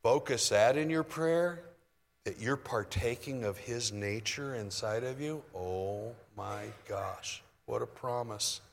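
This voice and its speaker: A man preaching a sermon in a relaxed, conversational way, moving between soft asides and loud bursts. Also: mid-range voice, unhurried, big-room sound. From United States. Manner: conversational, shifts from soft asides to mock shouting.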